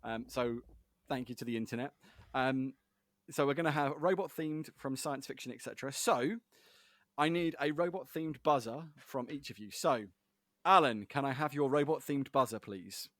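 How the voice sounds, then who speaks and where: A male podcast host runs a casual quiz, chatty, rambling and quick to giggle. His voice sits in a middle pitch, recorded dry and close with no room sound. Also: fairly bright tone, dry recording.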